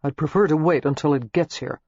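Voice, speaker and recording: A woman voicing a practical, dour young gentleman in an audiobook. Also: sits low, moderate pace, husky, dry recording, dull audio. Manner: dry, dour.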